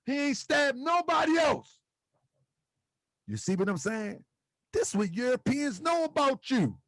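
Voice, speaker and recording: A man's voice: very high voice, very animated, unhurried, dry recording, clean studio sound. A man hosting a livestream, lecturing his chat in a preachy way with repeated rhetorical questions. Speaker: host.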